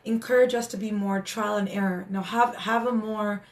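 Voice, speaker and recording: A woman's voice: mid-range voice, fairly even intonation, moderate pace, few pauses. A woman hosting a casual live stream as a spiritual guide, talking in an earnest, encouraging way with many restarts.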